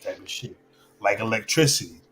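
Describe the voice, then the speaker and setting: A man's voice: on the low side, fairly quick, fairly bright tone, slight background noise. A man in casual chat, talking loosely and stopping to find where his thought was going. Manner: loose, searching, loses his train of thought.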